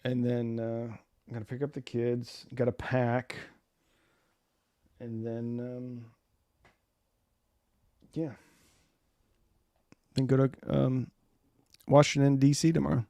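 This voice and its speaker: A man's voice: mid-range voice, flat delivery, slow, pauses often, dark tone, no echo. A man in his forties hosting a casual live stream, rambling loosely and answering viewer comments.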